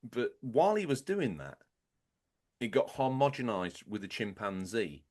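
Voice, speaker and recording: English male podcast co-host, lively swooping voice, playful fake-ad reads. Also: mid-range voice, a little slow. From England. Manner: playful, mock-announcer reads with sudden loud bursts. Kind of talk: comedic podcast banter.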